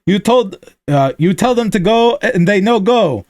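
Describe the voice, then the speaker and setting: A gruff male mercenary with a thick Russian accent , as a man puts him on while reading his story, his voice pushed well above his speaking pitch. He talks in blunt, broken English with a strange, altered tone, in a dry, close recording. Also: animated, unhurried, a little mellow, no room sound. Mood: exasperated. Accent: Russian, put on.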